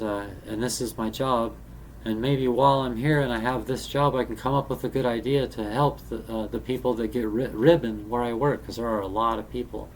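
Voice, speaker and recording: Man, casual vlog monologue, halting speech, lots of restarts, faint hiss behind. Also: medium pitch. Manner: halting, with many restarts and fillers. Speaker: vlogger. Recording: faint background noise.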